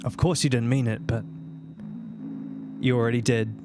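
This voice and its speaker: A man voicing a weary middle-aged woman, a shopkeeper's wife, in a low, hushed, resigned voice. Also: fairly even intonation, normal speed, noisy background, natural voice.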